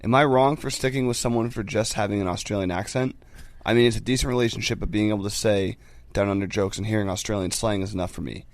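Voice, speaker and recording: Low-voiced man reading listener emails. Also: fairly even intonation, quick pace.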